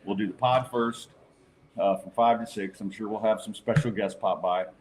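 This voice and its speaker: A man's voice: lowish voice, steady tone, normal speed. A man hosting a sports podcast, chatting casually in a loose, joking way with lots of fillers. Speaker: podcast host.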